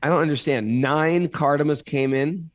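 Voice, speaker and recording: A man's voice: on the high side, moderate pace, dry recording, muffled recording. A man reading scripture aloud as a podcast co-host, stopping now and then to ask puzzled questions about the text. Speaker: reader and co-host.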